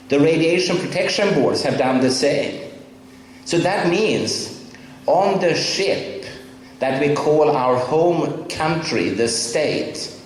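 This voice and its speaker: A man from Sweden with a Swedish accent, giving a conference lecture in English, emphatic and wry with halting fillers. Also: a little high. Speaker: professor giving a conference talk. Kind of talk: public lecture. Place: large lecture hall. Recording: very echoey hall with long reverb, faint hiss.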